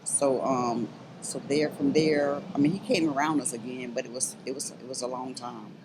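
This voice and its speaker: A middle-aged woman, telling her story as an interview guest in earnest, halting speech that builds to fervent urging. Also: very deep voice, steady tone, very noisy. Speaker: interview guest, abuse survivor. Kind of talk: emotional personal testimony.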